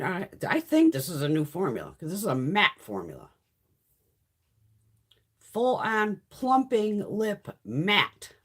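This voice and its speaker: A low, breathy-edged female voice belongs to the host of a casual beauty livestream. Reading out viewer comments, she gives frank, heavily profane takes in a chatty, meandering style full of restarts.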